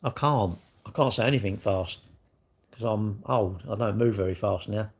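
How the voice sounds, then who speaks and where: A man's voice: fairly low pitch, moderate pace, breathy edge. A middle-aged man, chatting casually on a livestream in a rambling, blunt way with lots of slang. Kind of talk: casual livestream chat reading viewer comments.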